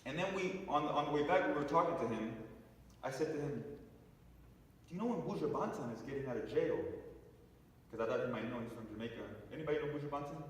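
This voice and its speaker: A middle-aged man speaking at a spiritual center, telling a personal story to an audience in an animated way with frequent restarts. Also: a little high, quick pace. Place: large hall with long reverb. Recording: echoey hall, voice from far off.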